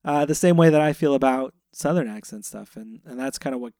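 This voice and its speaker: A man's voice: mid-range voice, fairly quick, mellow, no echo, studio quality. A middle-aged man from the Florida Panhandle, co-hosting a casual film discussion as a parent, talking thoughtfully and circling back with restarts. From Florida Panhandle, US South. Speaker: co-host, parent.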